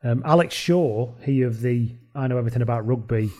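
Podcast guy with a warm mellow voice, chatty and sweary, reading out listener messages. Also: mid-range voice, brisk. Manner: chatty, swearing, laughing asides. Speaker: podcast co-host.

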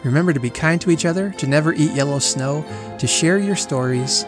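A man's voice: on the high side, brisk, few pauses, over music. A man hosting a podcast, speaking in an earnest, reflective way as he tells family stories in a casual monologue. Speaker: podcast host.

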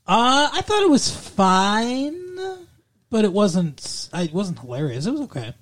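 A man's voice: high voice, big pitch swings, unhurried, fairly bright tone. Wisecracking man on a chatty podcast. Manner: joking, wisecracking, swears. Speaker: podcast co-host. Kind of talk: casual chat reviewing a TV show.

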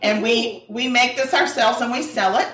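Chatty lady hosting a cooking show in her kitchen, bright voice, echoey room a bit far from the mic. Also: a little high, normal speed. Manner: chatty, laughs often, folksy words. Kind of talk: casual kitchen chat.

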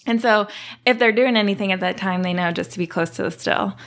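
A woman's voice: mid-range voice, a little fast. A woman explaining her distilling work as a guest on an interview show. Her talk is casual and full of detail, with a few "you know"s scattered through. Her voice sits in a mid range.

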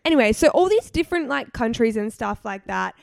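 Chatty young Australian woman, high voice. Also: animated, a little fast, vocal fry, darkish tone, no room sound, studio quality. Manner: chatty, playful, full of "like". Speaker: podcast co-host. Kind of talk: casual chat.

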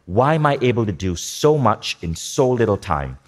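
With a lowish voice at a normal speed, a workshop speaker energetically motivates a live audience. He puts questions to the room and keeps repeating key phrases.

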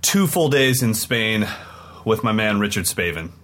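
Excited male podcast host, lowish voice. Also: measured pace. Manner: excited, rambling storytelling. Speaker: podcast co-host and touring drum clinician. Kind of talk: casual podcast chat.

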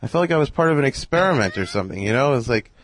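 A man telling a casual story in a relaxed, halting way, with lots of "you know". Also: mid-range voice, slight background noise, poor audio. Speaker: podcast host and comedian.

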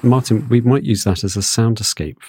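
A man's voice: mid-range voice, moderate pace, darkish tone, slightly rough, dry recording. A man hosting a podcast in a studio, chatting casually with hesitant restarts and fillers. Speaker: podcast host.

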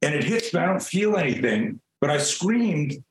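A man guest on a podcast, telling a story in a lively, animated way, swearing casually and acting out the scenes. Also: fairly high pitch, moderate pace, echoey room, low-quality recording.

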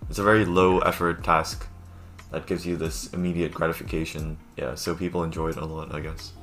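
A man's voice: extremely low pitch, little pitch movement, fairly quick, a bit bright, soft background music. A young man co-hosting a casual podcast from home over a Zoom call, chatty and laughing with lots of fillers. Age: young adult. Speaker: podcast co-host.

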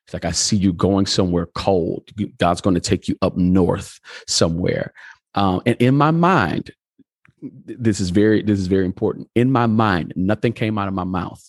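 A man's voice: deep voice, moderate pace, no echo, clean studio sound. A pastor telling his story in a conversational interview, acting out the dialogue as he goes. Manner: animated storyteller, acts out dialogue.

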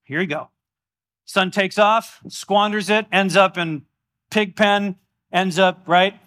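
A man preaching a sermon in a church, animated and exclamatory in a conversational way. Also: high voice, takes it slowly. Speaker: pastor.

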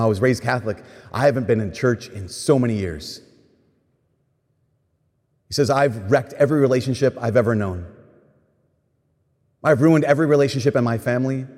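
A man preaching a sermon, retelling a story with animated quoted voices and vivid pacing. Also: medium pitch. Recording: long hall reverb.

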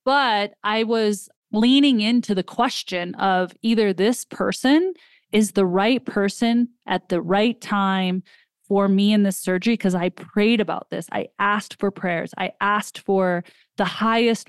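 Woman, podcast host, personal story, animated, smooth voice, dry close mic. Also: mid-range voice, measured pace, dry recording. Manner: animated retelling, acts out quoted dialogue.

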